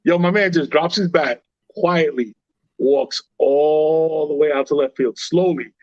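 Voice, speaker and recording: A man hosting a casual sports podcast, telling stories in an animated, slangy way with plenty of swearing. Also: on the high side, a little slow, dull audio, a little hiss or hum.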